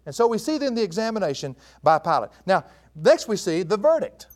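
A man giving a verse-by-verse Bible teaching, emphatic and animated, with chuckling asides. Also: sits high, fairly quick.

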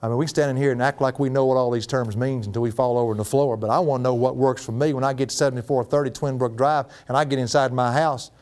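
A middle-aged man preaching a sermon as a pastor, folksy and animated, laughing often. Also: mid-range voice, fast talker, hardly any pauses.

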